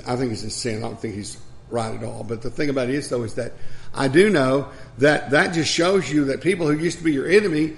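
A man's voice: medium pitch, creaky. An older man preaching a sermon in a conversational way, with asides and little laughs at himself.

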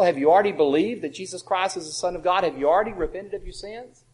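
A man preaching a sermon in a somewhat high voice. He presses his points with rhetorical questions and swings from loud, forceful emphasis to quiet asides. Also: poor audio.

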